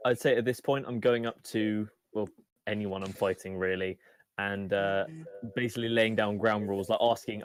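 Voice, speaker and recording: Chatty, low-voiced man playing a tabletop game. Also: steady tone, moderate pace, smooth. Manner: loose, chatty, with "like" and "uh". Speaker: player. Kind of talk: describing his character's actions.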